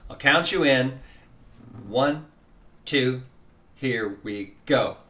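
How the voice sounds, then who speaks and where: A man's voice: medium pitch, drawn-out words, pauses often, a bit bright. A man teaching a guided guitar lesson, counting beats aloud and coaching the listener in a casual, encouraging way. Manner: casual, encouraging, many fillers.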